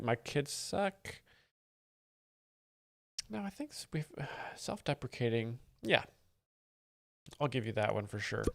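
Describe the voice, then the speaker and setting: A man's voice: mid-range voice, vocal fry, no room sound, clean studio sound. A man live-streaming, wryly explaining stand-up jokes and thanking viewers in a rambling, casual way. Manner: wry, rambling, reads donations aloud.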